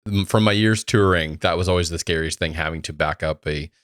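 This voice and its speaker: A man's voice: sits low, brisk, a bit bright, clear, resonant tone, dry recording. A man co-hosting a podcast in casual chat, with dry, wry humor. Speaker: guest co-host.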